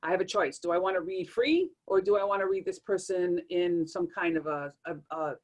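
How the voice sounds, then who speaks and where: Woman explaining tarot in an animated way. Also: on the low side, normal speed. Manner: animated, acts out readings in quoted asides. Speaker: tarot reader guest. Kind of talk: explanatory interview talk.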